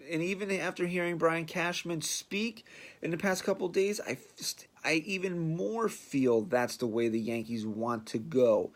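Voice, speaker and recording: A man hosting a podcast, giving a blunt, sarcastic sports rant and mocking the people he talks about. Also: medium pitch. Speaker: podcast host.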